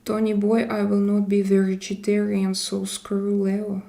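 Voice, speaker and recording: A woman's voice: mid-range voice, monotone, unhurried, vocal fry, dark tone. Woman with a Russian accent chatting to viewers. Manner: chatty, answers viewers' comments, switches between languages. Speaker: live-stream host reading chat. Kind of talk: casual live-stream chat.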